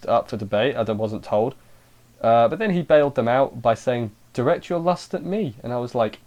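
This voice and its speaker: A man's voice: mid-range voice, darkish tone. Rambling, self-interrupting male anime reviewer. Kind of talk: casual spoken review.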